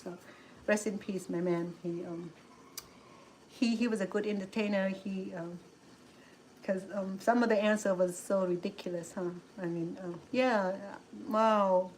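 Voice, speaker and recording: This middle-aged woman speaks English with a Cambodian accent, in loose, rambling chat full of fillers and restarts. Her voice sits at an ordinary pitch for a woman. A faint hiss runs behind her. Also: steady tone, unhurried, a little mellow, poor audio. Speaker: cooking show host. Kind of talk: casual chat.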